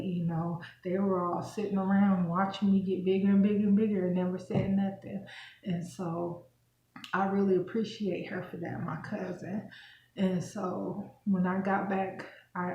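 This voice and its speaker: A woman's voice: medium pitch, darkish tone, lo-fi sound. A young adult woman vlogger telling a personal story in a rambling way, with lots of fillers. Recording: roomy echo.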